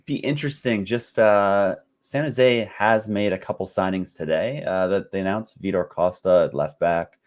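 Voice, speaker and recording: A man speaking as a guest expert on a podcast, easygoing and relaxed, with frequent "uh" fillers. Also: low voice, normal speed, few pauses. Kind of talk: casual chat.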